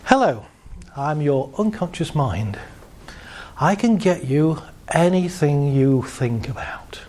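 A man playing the listener's own unconscious mind: a calm, deadpan male voice that takes every word literally. It answers in level, flat announcements. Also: on the high side, slow pace.

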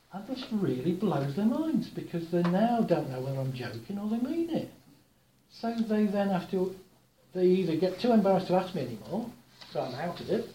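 A man giving a relaxed, chatty talk to a live audience, telling anecdotes with gentle humour. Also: fairly high pitch, reverberant, a little hiss or hum, low-quality recording. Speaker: workshop speaker.

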